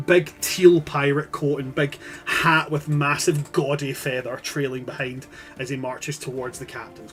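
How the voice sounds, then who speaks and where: Chatty man running a tabletop game. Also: a little high. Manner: chatty, rambling, casual swearing. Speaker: game master.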